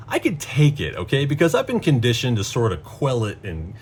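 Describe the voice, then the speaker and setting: A man's voice: mid-range voice, brisk, husky. A middle-aged man telling a story in a casual rant, profane and exasperated. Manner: profane, exasperated, animated storytelling with voiced quotes. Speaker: vlogger.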